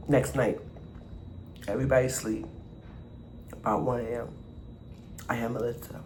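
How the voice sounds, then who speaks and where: A man vlogger telling a storytime over an eating show, animated and acting out the people in his story. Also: medium pitch, normal speed, long pauses. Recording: echoey room, faint background noise.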